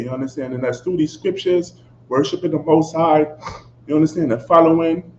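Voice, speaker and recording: A man's voice: a little high, a little mellow. A man preaching a fiery, confrontational sermon, swearing and asking "you understand?" after nearly every phrase. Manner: fiery and profane. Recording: echoey, dull lo-fi recording with faint background noise.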